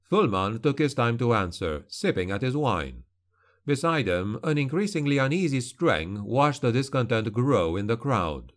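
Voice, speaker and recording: A man narrating a dark fantasy audiobook in a steady, grim, even delivery. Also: medium pitch, measured pace.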